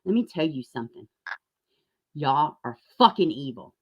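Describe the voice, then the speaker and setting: A woman's voice: sits low, animated, normal speed, highs cut off. A woman hosting a livestream, ranting angrily and sarcastically, cursing often and speaking to viewers in the chat by name. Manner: angry, profane, sarcastic. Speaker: YouTube channel host. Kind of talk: livestream rant.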